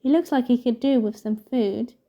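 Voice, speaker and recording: A blunt, excitable teenage schoolboy speaks up quickly and loudly, as a woman reading a storybook puts him on. The tone is mellow and fairly high. The recording is dull and lo-fi. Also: close to an everyday voice. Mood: eager. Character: hot-headed teenage schoolboy.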